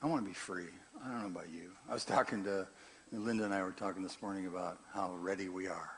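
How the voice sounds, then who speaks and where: An older man preaching a sermon in a conversational way, dropping to quiet asides and rising to loud, emphatic scripture reading. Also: sits low, steady tone, quick pace, slight background noise. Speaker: pastor.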